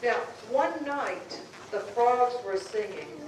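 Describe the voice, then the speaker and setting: A woman tells a folktale to a live audience, drawing out her words dramatically at an unhurried pace. Her fairly high voice comes from far off in a very echoey room with clear background noise. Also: expressive. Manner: dramatic, drawn-out phrasing. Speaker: storyteller.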